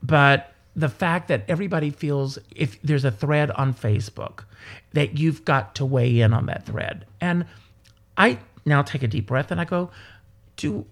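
A man from South Carolina, a stage performer and guest, chatting casually and telling rambling, animated stories. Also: on the high side, normal speed, vocal fry. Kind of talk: casual interview chat.

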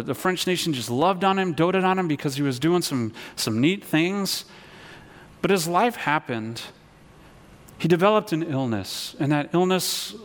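Male pastor, earnest sermon delivery with call-and-response, in a hall with long reverb. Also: a little high. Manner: earnest, repeats words, leads call-and-response.

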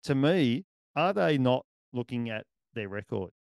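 A man's voice: mid-range voice, big pitch swings, measured pace, vocal fry, darkish tone, no echo, studio quality. An Australian man co-hosting a casual sports podcast, rambling and chuckling as he trails off mid-thought. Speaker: podcast co-host.

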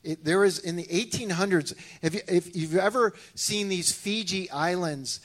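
A male pastor preaching a sermon in a casual, animated way, often restarting his sentences. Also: sits high, normal speed.

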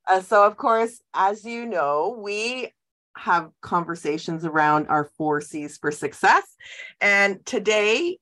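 A woman's voice: fairly low pitch, a bit bright. A woman hosting a casual podcast conversation, introducing her guest and asking questions with frequent fillers and restarts. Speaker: podcast host. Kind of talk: casual interview chat.

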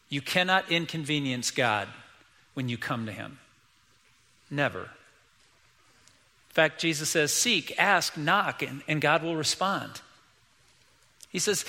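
A man's voice: a little high, expressive, slow, long pauses, sharp tone, long reverb tail. A middle-aged man preaching a sermon as pastor, emphatic and repeating key lines, acting out quoted voices.

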